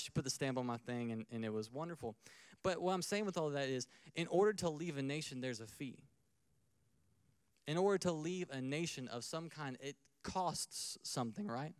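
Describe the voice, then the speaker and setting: A man's voice: fairly high pitch, moderate pace, clean tone, dry recording. A man preaching a sermon in a conversational way, acting out little scenes and asking the crowd questions. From United States. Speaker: pastor.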